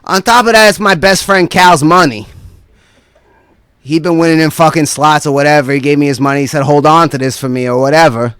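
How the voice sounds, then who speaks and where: A man's voice: fairly high pitch, brisk, a bit bright, clean tone, dry recording, studio quality. A man performing a stand-up routine as a guest comedian, rambling through a profane story and tossing in constant "right?" asides.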